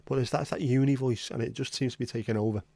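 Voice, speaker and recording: A man's voice: medium pitch, steady tone, fast talker, dark tone, no echo. A man hosting a casual livestream chat, rambling and reading out viewer comments. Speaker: livestream host.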